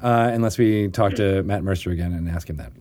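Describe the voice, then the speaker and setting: A man's voice: low-pitched, fairly quick, darkish tone. A young man hosting a podcast, chatting casually and joking, with lots of fillers. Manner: laid-back, joking, many fillers. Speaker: podcast host. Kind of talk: casual chat.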